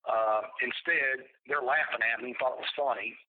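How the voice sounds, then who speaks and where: A man's voice: medium pitch, fairly even intonation. Man rambling over a tinny phone. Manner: halting, rambling, frequent restarts, profane. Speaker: incarcerated interviewee. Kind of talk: recounting a personal story by phone. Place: prison. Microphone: prison telephone. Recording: tinny prison phone line.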